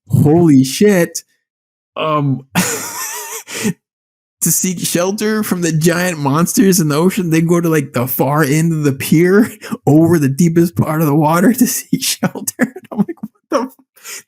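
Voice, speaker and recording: A man co-hosting a podcast, ranting about a movie in casual chat, swearing often and telling it with incredulous energy. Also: fairly high pitch. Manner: animated, swearing, incredulous storytelling. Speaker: podcast co-host.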